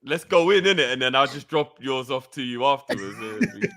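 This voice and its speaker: Guy on a stream, bright voice, pitch jumping all over, jokey slang. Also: normal speed. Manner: animated, jokey, streetwise slang. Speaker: co-host of a live stream. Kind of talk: casual chat reading live comments.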